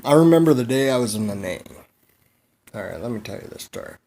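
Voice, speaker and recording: A man with a middle-pitched voice rambles through a crude comedic vlog monologue. He swears freely, wanders off topic, and laughs at his own jokes as he goes. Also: very animated, fast, creaky, dark tone. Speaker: vlogger.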